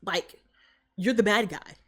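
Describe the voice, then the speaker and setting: A woman's voice: mid-range voice, slow pace. A woman vlogger giving a comic movie recap in slangy, profane talk.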